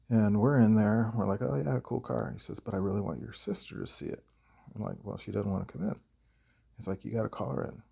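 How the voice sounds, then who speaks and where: A man, a horror writer, telling a personal story in a halting, hesitant way with many pauses. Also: lowish voice, gravelly, mellow, breathy edge.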